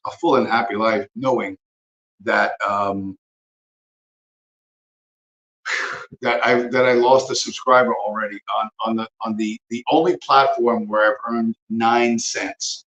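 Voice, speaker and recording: A man's voice: medium pitch, steady tone, slow, pauses often, fairly bright tone, roomy sound, highs cut off. A man hosting a livestream, talking in a profane, rambling, sarcastic way. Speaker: livestream host. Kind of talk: casual rambling commentary.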